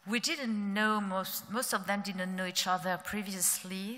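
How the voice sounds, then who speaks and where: A woman with a French accent giving a conference opening speech, halting, with many fillers and restarts. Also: mid-range voice, steady tone, bright, forceful tone. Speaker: department director. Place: large conference hall. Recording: long hall reverb.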